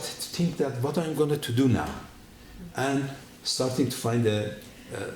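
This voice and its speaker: Guy telling his testimony in a church, voice jumps high when he quotes people, echoey hall, bit of hiss. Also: measured pace. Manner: animated storytelling, acting out quotes with big pitch jumps. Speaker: guest giving a testimony. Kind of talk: personal testimony story.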